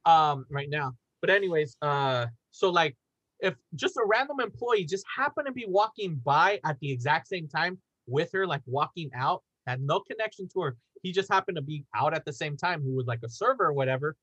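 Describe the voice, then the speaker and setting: A young man hosting a casual podcast, telling a story in an animated way, swearing and acting out quotes. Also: on the high side, brisk, no room sound, highs cut off. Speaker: podcast host.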